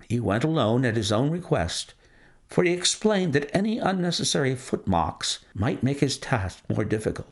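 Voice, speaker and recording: Male narrator, classic story reading, gravelly timbre, lively melodic phrasing. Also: medium pitch, normal speed. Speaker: audiobook narrator. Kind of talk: scripted narration.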